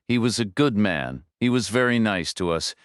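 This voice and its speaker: A man voicing a frail old woman who speaks hesitantly, wavering, low and resigned. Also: animated, normal speed, no room sound, studio quality, natural voice.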